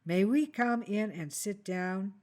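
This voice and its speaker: A woman reading the lines of a calm, methodical male police detective with polite, measured questions. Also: mid-range voice, natural voice. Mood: formal.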